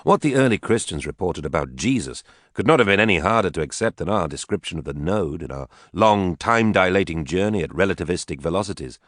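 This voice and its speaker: A man's voice: low voice, animated, quick pace, hardly any pauses, dry recording, clean studio sound. A man playing a breezy, evasive scientist husband. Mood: offhand. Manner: breezy, offhand delivery.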